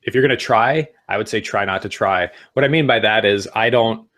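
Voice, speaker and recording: A middle-aged man co-hosting a talk show, giving casual advice and speeding up as he gets excited. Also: on the low side, brisk. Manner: animated, speeds up when excited. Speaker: podcast co-host.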